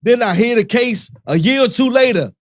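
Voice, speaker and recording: High, lively-voiced radio host. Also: male voice, moderate pace, no echo, studio quality. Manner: animated, preachy, conversational with slang. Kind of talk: casual radio talk.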